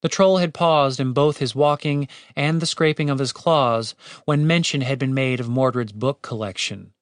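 A man reading an audiobook narration in a steady, wry storytelling manner. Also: medium pitch, moderate pace, no echo, studio quality. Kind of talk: scripted narration.

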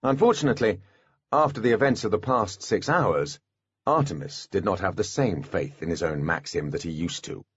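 A man narrating an audiobook in a scripted, expressive storytelling manner. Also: sits low, moderate pace, breathy edge, no room sound, highs cut off.

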